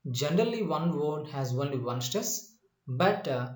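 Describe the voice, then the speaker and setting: A male English teacher walking through a slide-based lesson in a slow, deliberate way, repeating his points and pausing often with "uh" and "you know.". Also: a little high, animated. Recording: echoey room.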